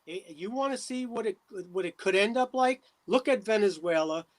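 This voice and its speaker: A middle-aged man from New Jersey, a mayor as a talk show guest, speaking emphatically with many pauses and fillers. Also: high voice, animated. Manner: emphatic, preachy, trailing off with many uh's. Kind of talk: casual interview talk.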